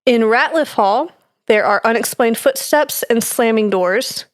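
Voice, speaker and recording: A woman's voice: fairly high pitch, unhurried, no echo, studio quality. A young woman co-hosting a podcast, reading through her notes in casual chat with fillers and easy laughs. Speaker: podcast co-host presenting research.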